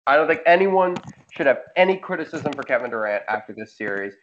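A man's voice: medium pitch, expressive, fast talker, fairly bright tone, muffled recording. A young man hosting a casual sports podcast, roasting players in emphatic rants. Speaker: podcast host.

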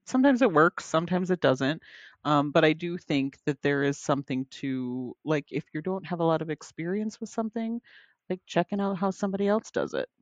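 A woman's voice: sits low, no room sound, lo-fi sound. A woman co-hosting a podcast in casual chat, reflective and thinking aloud as she goes. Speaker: podcast co-host.

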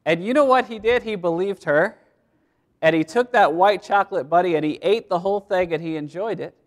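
A man's voice: high-pitched, a little fast. A male pastor preaching a sermon in a conversational way, repeating words and laughing as he goes.

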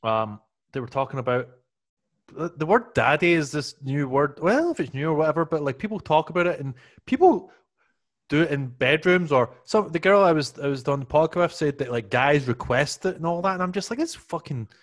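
Man, animated delivery, sweary casual chat. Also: fairly high pitch. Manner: swears freely, quick comic asides.

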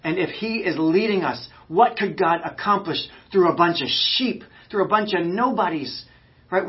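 Fired-up preacher man, slightly high voice. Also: moderate pace, lo-fi sound. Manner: fired up, emphatic, swings from loud urging to quiet. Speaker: pastor. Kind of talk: sermon.

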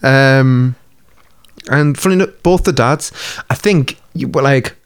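Smooth-voiced sweary man. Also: mid-range voice, a little slow, no room sound. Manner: laid-back, sweary, laughs easily. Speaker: podcast co-host. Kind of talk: casual chat.

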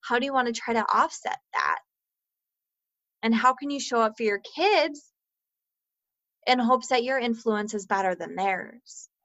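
A woman's voice: on the high side, a little slow, pauses often, fairly bright tone, no room sound, dull audio. A woman in her thirties speaking candidly to listeners about co-parenting, earnest and full of "like" fillers, swearing freely. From Minnesota, US.

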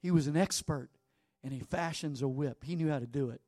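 Male pastor, sermon, fairly high voice, slow and deliberate, dramatic, dry sound. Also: no room sound. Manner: dramatic, hushed to emphatic.

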